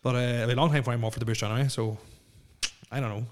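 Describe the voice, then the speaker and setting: A man's voice: medium pitch, steady tone, racing. A young man chats casually on a solo podcast, recorded alone in a house. He rambles, stammers and restarts his sentences, leaning on fillers as he goes. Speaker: podcast host.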